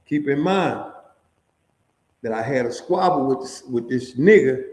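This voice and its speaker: A man's voice: medium pitch, darkish tone. A middle-aged man, a former prisoner, telling his own prison stories in casual, profane, streetwise talk. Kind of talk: casual storytelling. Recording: echoey room.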